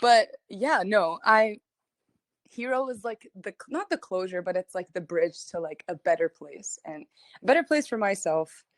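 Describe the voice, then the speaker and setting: A young woman chats casually to her listeners on a livestream, rambling from thought to thought with frequent giggles and "like" fillers. Her voice sits at an ordinary pitch for a woman. The sound is dry and close, with no room around it. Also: expressive, normal speed, no room sound. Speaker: singer hosting a streaming listening party.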